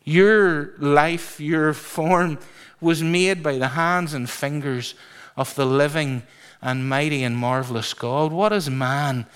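A man's voice: fairly high pitch, clean tone. A man preaching a sermon to a congregation, asking them questions and stretching words for emphasis. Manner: lively, drawn-out emphasis, asks congregation questions.

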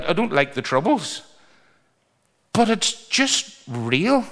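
A man preaching a sermon, reading scripture aloud and speaking in a lively, emphatic way. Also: medium pitch, gravelly.

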